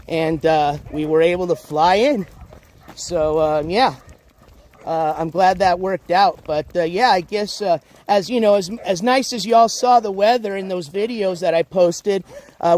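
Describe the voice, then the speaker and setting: A man's voice: high voice, darkish tone. A man hosting a casual walk-and-talk livestream outdoors by a road, rambling with lots of "uh"s and restarts. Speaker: YouTube livestream host. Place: outdoors by a road with traffic, walking dogs.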